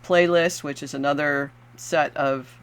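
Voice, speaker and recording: In a clear, resonant low voice, slightly slow, an older woman coach and podcast host speaks alone to her audience. Earnest and lively, she adds affirming asides and frequently starts her sentences over.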